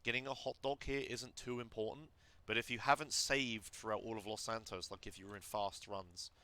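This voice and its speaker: A man's voice: on the low side, a little fast. Man casually coaching a game speedrun. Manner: relaxed, instructive, many fillers.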